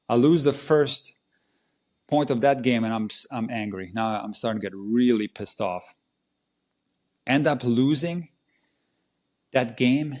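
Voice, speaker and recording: A man's voice: medium pitch, a little mellow. A man speaking as a tennis coach on a casual podcast, with a voice that sits in the middle range. He retells a match vividly and with animation.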